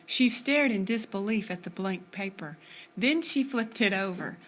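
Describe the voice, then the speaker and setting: A woman reading a children's novel aloud in an even, unhurried first-person narration. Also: medium pitch. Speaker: audiobook reader.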